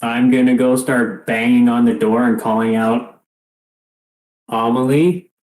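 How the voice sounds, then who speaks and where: A man's voice: mid-range voice, little pitch movement, moderate pace, a little mellow, echoey room. A man playing a tabletop game, speaking in a matter-of-fact, dry way. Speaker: player. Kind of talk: casual tabletop game chat.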